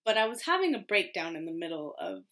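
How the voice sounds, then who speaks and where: A woman's voice: on the low side, big pitch swings, quick pace, a bit bright. Chatty young woman, filler-heavy. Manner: chatty, filler-heavy, self-deprecating with frequent laughs. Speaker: medical student vlogger. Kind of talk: casual storytelling to camera. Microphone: camera mic, home recording.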